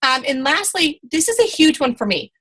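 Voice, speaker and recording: A woman's voice: high-pitched, big pitch swings, moderate pace, fairly bright tone, low-quality recording. Chatty, encouraging woman coaching her team. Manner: chatty, encouraging, many fillers and restarts, acts out quoted people. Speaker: team leader giving training. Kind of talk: motivational team training talk.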